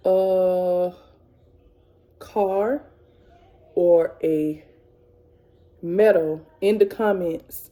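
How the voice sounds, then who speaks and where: A woman's voice: on the low side, fairly even intonation, drawn-out words, long pauses, dark tone. A woman in her thirties vlogging to camera in casual, emotional chat, rambling and repeating herself. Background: kids faintly in background.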